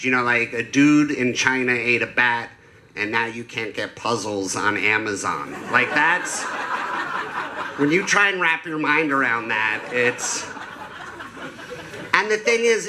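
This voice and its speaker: Guy doing standup on a club stage, bright tone, deadpan dirty jokes, handheld mic. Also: mid-range voice, slight background noise. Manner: deadpan storytelling with crude jokes. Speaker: stand-up comedian. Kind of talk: stand-up set.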